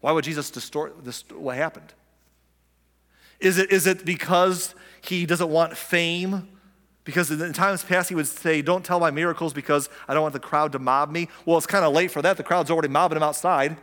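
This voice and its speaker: With a slightly high, fairly bright voice at normal speed, a pastor preaches in a chatty way, asking his audience questions and dramatizing quotes. The recording has a long reverberant tail.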